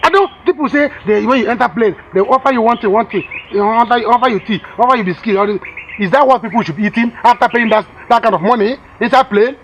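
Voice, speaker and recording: High-voiced Nigerian man boasting of schemes. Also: fast talker, a bit bright, a little hiss or hum. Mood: boastful. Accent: Nigerian English. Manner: boastful, stumbling over words. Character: boastful village man full of big schemes. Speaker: village bushmeat seller. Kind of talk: film drama acting.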